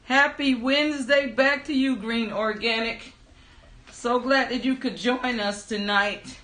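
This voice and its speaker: Woman, livestream host, casual chatty greetings, bright tone, roomy echo. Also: fairly high pitch, fairly even intonation, a little slow. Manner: greets chat viewers by name, upbeat and chatty. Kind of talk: casual live-stream chat.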